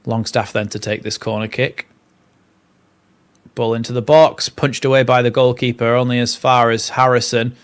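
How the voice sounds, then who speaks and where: A man's voice: medium pitch, level tone, normal speed, smooth. A young man hosting a live watchalong, mixing play-by-play with chatty, rambling asides. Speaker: fan channel host.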